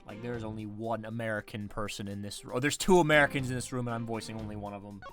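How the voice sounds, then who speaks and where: A man hosting a game playthrough, chatting casually and swearing excitedly. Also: lowish voice, quick pace, over music. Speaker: let's play host.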